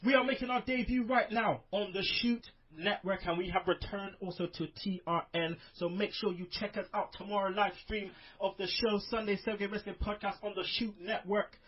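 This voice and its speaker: A man's voice: sits high, steady tone, moderate pace. A man hosting a casual wrestling podcast, rambling with lots of fillers in an upbeat way, over a muffled online call. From United Kingdom. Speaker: podcast host.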